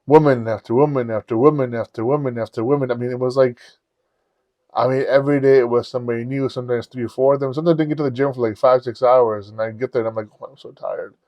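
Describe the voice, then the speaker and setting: A man's voice: mid-range voice, steady tone, fast talker, dark tone, no echo, muffled recording. A man hosting a podcast, casually telling a long story with lots of swearing and acting out his own lines. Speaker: podcast host.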